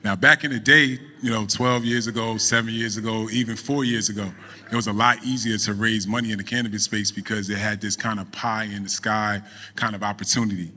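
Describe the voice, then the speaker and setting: A middle-aged man, a guest on a podcast, telling a story in a relaxed, animated way and running a business. He falls into casual speech. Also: on the low side, brisk, in a large hall. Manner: animated storyteller, acts out quoted voices. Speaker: podcast guest, cannabis entrepreneur.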